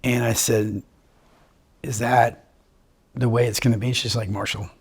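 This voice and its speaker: A man's voice: mid-range voice, little pitch movement, unhurried, slightly rough. A man telling his own story in an interview, upbeat and joking, acting out what others said to him. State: living with terminal illness. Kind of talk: personal storytelling.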